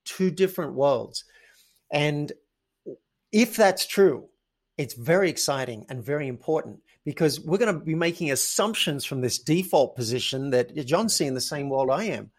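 Animated man telling stories. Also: a little high, moderate pace. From Australia. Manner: animated storytelling, acts out quoted thoughts. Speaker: podcast guest, author. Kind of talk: casual interview chat.

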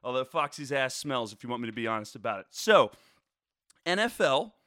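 A man's voice: medium pitch, sing-song, a little fast, a bit bright. A man hosting a casual solo sports podcast from his bedroom, rambling with jokey, playful asides.

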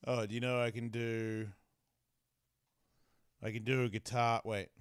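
A man's voice: mid-range voice, little pitch movement, unhurried, clean tone, dry recording, studio quality. Laughing, foul-mouthed Australian man. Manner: laughing, crude, swearing a lot. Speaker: host. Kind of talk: casual live show chat.

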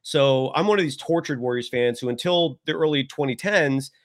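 A man's voice: mid-range voice, moderate pace. A man guesting on a sports podcast, talking casually and enthusiastically with many restarts. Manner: rambling, restarts often, enthusiastic.

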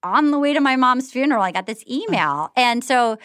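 Higher-pitched woman rambling on, swears a lot, says dude, dry close mic. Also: expressive, brisk, fairly bright tone, no room sound. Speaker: author guest. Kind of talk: casual chat.

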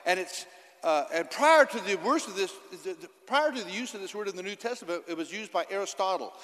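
A man preaching a sermon in church as the pastor, impassioned and building to loud emphatic declarations. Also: high voice, animated, brisk. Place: church hall. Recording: hall reverb.

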